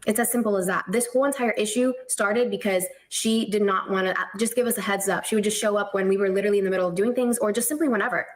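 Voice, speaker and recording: A woman's voice: medium pitch, quick pace, few pauses. A young woman telling a heated family storytime on a vlog, acting out the dialogue with feeling. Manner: animated, acts out the quoted dialogue.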